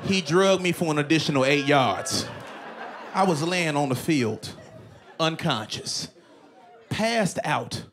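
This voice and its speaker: A man doing stand-up comedy in an animated way, often breaking into shouts and laughter. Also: on the high side, slow, long pauses, crowd noise, noisy background.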